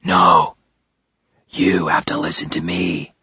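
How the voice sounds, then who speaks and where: A narrator voicing a menacing male kidnapper with a distorted, whispery mechanical voice, talking slowly and coldly over a speakerphone. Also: low-pitched, level tone, pushed and bright, slightly rough, no room sound, dull audio, heavily acted. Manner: slow, cold, threatening.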